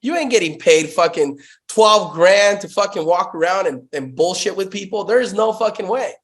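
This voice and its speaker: A blunt mother who scoffs in disbelief , as a man puts her on, pitched up high and dragged out slow and emphatic. She swears plainly and does not hold back. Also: lively intonation, lightly acted. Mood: scoffing.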